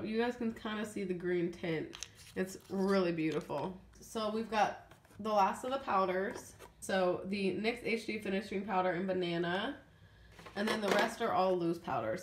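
A young woman vlogging casually about her makeup, rambling with ums and a bit sniffly from feeling unwell. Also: mid-range voice. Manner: chatty, rambling, trailing off with ums. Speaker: beauty vlogger. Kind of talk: casual makeup declutter chat. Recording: echoey room with faint noise.

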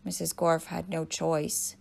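Librarian storyteller, woman, lower pitch, creaky read-aloud delivery. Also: flat delivery, slow pace, a little mellow. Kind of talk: children's story reading.

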